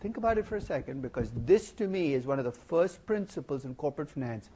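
A middle-aged man giving a university finance lecture, animated and playful, asking the class rhetorical questions. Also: on the high side, quick pace, slight background noise. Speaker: finance professor. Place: lecture hall.

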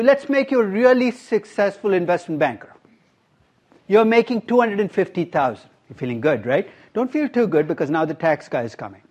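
Middle-aged man, professor in a classroom lecture; fairly high voice, very lively pitch, keeps quizzing students, wry humor. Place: university classroom.

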